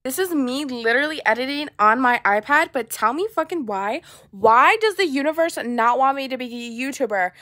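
A woman's voice: sits high, animated, normal speed, pushed and bright, no room sound, clean studio sound. A young woman ranting at the camera about a tech mishap in a dramatic, exasperated way, swearing freely. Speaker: vlogger. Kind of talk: exasperated talking-head rant.

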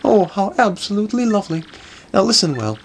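A man's voice: sits high, very animated, fairly quick, gravelly, slightly rough, pitched above the performer's own voice, heavily acted. A man doing a flirty refined lady. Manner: flirty, genteel.

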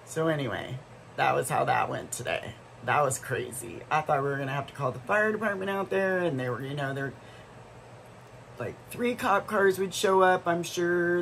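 A woman's voice: low voice, animated, moderate pace, creaky, a bit bright, a little hiss or hum, rough recording. A middle-aged woman vlogger telling a story in a casual, rambling way, full of asides and restarts.

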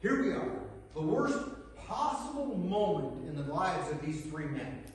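A man preaching a sermon as pastor, earnest, with dramatic pauses and hushed retellings of scripture. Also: high voice, very animated. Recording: echoey hall recorded from far off.

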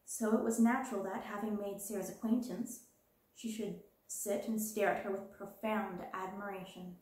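A woman reading a children's classic aloud as a storyteller, with gentle, even narration. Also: medium pitch, normal speed, very echoey, rough recording.

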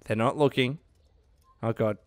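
A young man giving excitable, swearing let's play commentary, laughing often. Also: medium pitch, a little slow. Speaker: gaming youtuber.

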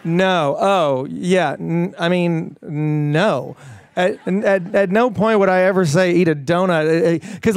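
A middle-aged man chatting as an interview guest, eager and animated, often restarting his sentences. His voice sits a little high. The sound is dry and close. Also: no room sound. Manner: enthusiastic, animated, many fillers and restarts. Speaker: fitness trainer guest. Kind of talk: casual interview chat.

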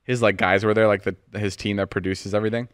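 A man's voice: fairly low pitch, clear, resonant tone, dry recording, clean studio sound. A young man hosting a podcast, telling casual stories with laughs and the odd curse. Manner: animated, laughing storyteller, quick bursts of swearing. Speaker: podcast host. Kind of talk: casual storytelling.

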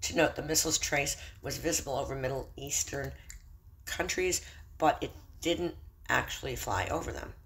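A man's voice: mid-range voice, moderate pace, creaky, a bit bright, husky. A middle-aged man at home reading news aloud with his own commentary. He stumbles over foreign place names and spells them out. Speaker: Christian video host. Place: room in a house. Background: faint background noise.

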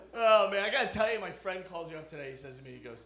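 A man's voice: high-pitched, bright, forceful tone. A middle-aged male stand-up comedian doing a live set in a comedy club, brash and profane, bantering with the audience. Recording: echoey club with crowd.

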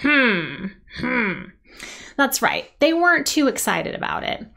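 A woman leading a children's worship service, telling a Bible story with lively sound effects and cheers for the kids to join. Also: high-pitched, normal speed, gravelly. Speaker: children's ministry leader.

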